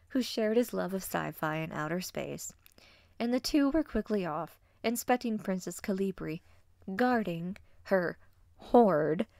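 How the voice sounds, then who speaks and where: Gravelly woman reading a story. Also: lowish voice, no echo, clean studio sound. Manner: steady, expressive narration. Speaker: fanfiction reader.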